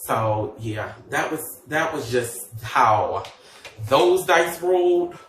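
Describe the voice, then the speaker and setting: A man's voice: medium pitch, animated, takes it slowly, fairly bright tone, echoey room, recorded from a distance. A man chatting casually on a livestream, sassy and gossipy, with many fillers and asides.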